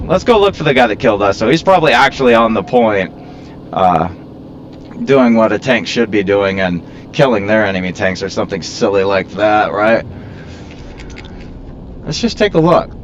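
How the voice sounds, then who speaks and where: Rambling man with a lively, animated voice. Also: mid-range voice, a little hiss or hum. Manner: rambling, self-mocking, prone to complaining. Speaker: gaming video creator. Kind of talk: casual gameplay commentary.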